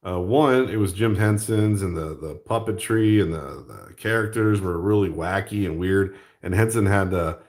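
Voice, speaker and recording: Goofy dude rambling while he draws, voice bounces up and down a lot. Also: lowish voice. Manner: rambling, jokey, self-mocking. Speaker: channel host. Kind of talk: casual chat while drawing.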